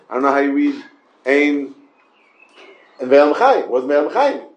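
Male Talmud teacher, high-pitched, stop-start delivery full of rhetorical questions, roomy echo. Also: lively intonation. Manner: halting, repeats words and restarts often; asks rhetorical questions and checks with the listeners. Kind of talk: Talmud class lecture.

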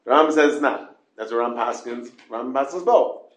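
A man's voice: medium pitch, brisk, reverberant. A man teaching a Talmud class, repeating points and asking rhetorical questions. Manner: explains in repeated questions, stressing key words.

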